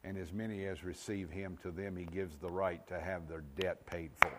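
A man preaching a sermon with a somewhat low voice, pressing his points home and checking that the congregation follows. His voice rings out with a long reverb in a church sanctuary. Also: fairly even intonation, moderate pace, sharp tone, slight background noise. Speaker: pastor.

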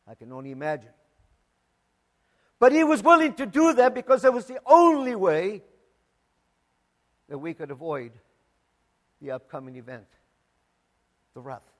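A man preaching a sermon, emphatic, swinging from loud declarations to hushed asides and repeating words for emphasis. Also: fairly high pitch. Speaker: pastor.

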